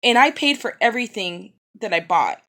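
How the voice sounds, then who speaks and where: A woman's voice: a little high, lively intonation, normal speed, pushed and bright. Upset woman in her thirties telling a story. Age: 30s. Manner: upset, recounting with frequent fillers and restarts. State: in pain after recent surgery. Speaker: vlogger. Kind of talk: casual storytime vlog.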